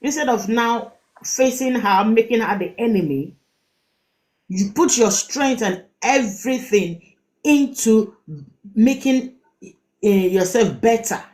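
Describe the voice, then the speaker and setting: A woman's voice: fairly high pitch, takes it slowly, long pauses, a little mellow. A middle-aged woman with a Nigerian accent, hosting a live-stream relationship advice talk; she speaks emphatically, repeats words and asks rhetorical questions. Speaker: host giving relationship advice.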